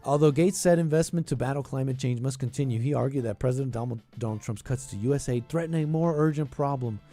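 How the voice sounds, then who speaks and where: A man's voice: medium pitch, fast, dark tone, soft background music. An American man hosting a political commentary show, ranting in a sarcastic, mocking, scornful way.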